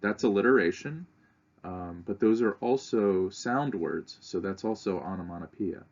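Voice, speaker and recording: A male teacher explaining a lesson to children, talking them through it with frequent pauses and fillers. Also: deep voice, dull audio. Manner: unhurried, talks students through steps with frequent "uh".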